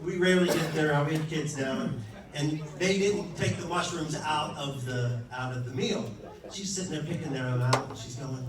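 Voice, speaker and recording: A man's voice: on the high side, fairly quick. A man in his thirties performing a stand-up set, telling profane, exasperated stories about his family and acting out what they say. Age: 30s. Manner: profane, exasperated storytelling with acted-out quotes. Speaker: stand-up comedian. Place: comedy club stage with a laughing audience. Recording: echoey room, mic heard from a distance, crowd laughter.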